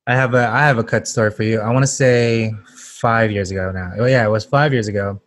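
A man's voice: lowish voice, fairly even intonation, fairly quick, no echo, clean studio sound. A man who works as a cook, chatting casually on a podcast, swearing freely and laughing often. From Canada. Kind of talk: casual chat.

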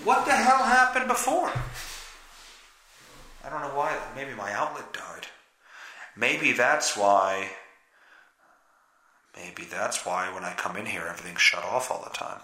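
A man's voice: mid-range voice, big pitch swings, unhurried, pauses often, pushed and bright. Stuffy-nosed man rambling in an echoey room. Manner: profane, self-deprecating, rambling. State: stuffy nose. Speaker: podcast host. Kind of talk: casual rambling monologue.

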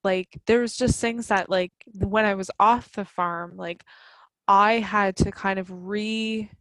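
A woman in her thirties chatting casually, her talk full of "like" and loose restarts. Her pitch sits mid-range for a woman, and the sound is close and dry with no room around it. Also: steady tone, takes it slowly, a bit bright, dry recording. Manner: chatty, many fillers of "like". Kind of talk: casual chat.

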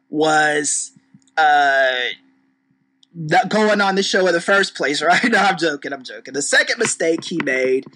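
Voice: mid-range voice, pushed and bright, rough recording. A podcast host giving a casual commentary rant, blunt and profane, with sarcastic asides and frequent restarts. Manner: rambling with restarts.

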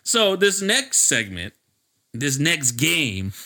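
A man hosts a casual podcast, swearing freely and laughing through his stories. His voice sits slightly high and sounds bright and forceful. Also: big pitch swings, slow. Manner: laughing, profane storyteller. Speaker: podcast host. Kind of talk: casual chat.

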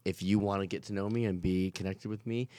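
A man's voice: low voice, fairly even intonation, fairly quick, mellow, dry recording. A man chatting as a guest on a casual podcast, answering at length in full, wordy sentences. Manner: long-winded, wordy answers. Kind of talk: casual chat.

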